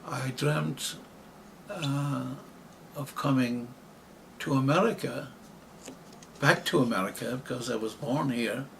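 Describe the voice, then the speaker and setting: Slow, hesitant and often restarting his phrases, an older Irish-accented writer and actor from Ireland reflects during an interview. His mid-range voice has vocal fry, and there is slight background noise.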